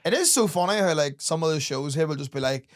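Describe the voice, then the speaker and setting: A man's voice: on the high side, expressive, fast. A young man on a podcast, telling stories and acting out quoted people with sweary punchlines. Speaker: podcast guest, comedian. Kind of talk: casual chat, storytelling.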